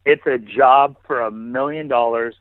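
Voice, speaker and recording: A man, a podcast guest, telling stories in casual, animated interview talk. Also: medium pitch, a little slow, no echo. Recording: phone-like narrow line, dry.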